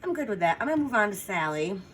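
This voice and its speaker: In a casual painting tutorial, a woman talks quickly in a sing-song, slightly bright, medium-pitched voice. She chats while working and offers little apologetic comments, with slight background noise.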